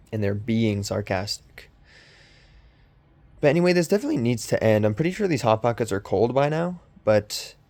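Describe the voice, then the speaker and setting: A young male podcast host rambles casually and sarcastically, full of ums and restarts. His voice is lowish and a little mellow, with vocal fry.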